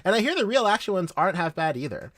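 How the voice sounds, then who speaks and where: A man's voice: sits high, very animated, quick pace, fairly bright tone, dry recording, clean studio sound. A man in his thirties from the Philippines, with a Southern US accent, hosting a casual livestream and chatting in a rambling way, laughing often and swearing freely. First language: Tagalog. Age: 30s. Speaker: livestream host.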